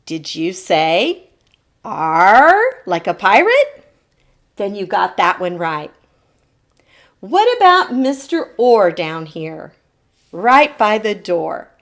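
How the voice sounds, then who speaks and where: A woman's voice: medium pitch, sing-song, slow, long pauses. A woman teacher giving a televised phonics lesson to children. She patiently models each sound and asks them to repeat it back. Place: TV studio lesson set.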